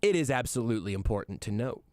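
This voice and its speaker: A male sports radio host with a smooth, resonant voice, rambling casually and joking his way through the news, with plenty of fillers and restarts. The sound is dry and close, as from a studio mic with no room around it. He sits at an everyday middle pitch. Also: animated, fast, darkish tone, dry recording. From Kansas City area. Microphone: studio microphone.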